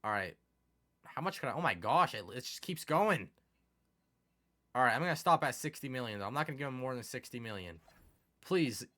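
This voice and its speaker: A young man giving casual commentary over a sports video game, excitable and quick to turn exasperated. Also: mid-range voice. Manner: excitable, swings from mumbling to exasperated yelling. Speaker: gaming commentator.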